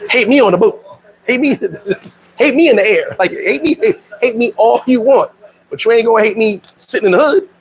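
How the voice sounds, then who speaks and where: A middle-aged man from New York in a casual livestream. He talks in animated street slang, laughs often and reads out viewer comments. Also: sits high, a little hiss or hum, rough recording. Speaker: vlogger.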